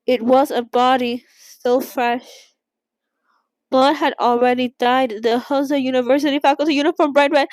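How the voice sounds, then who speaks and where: A young woman reading a novel aloud in a casual read-along and reacting emotionally, with halting restarts and gasps. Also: sits high, steady tone, a little mellow, no echo.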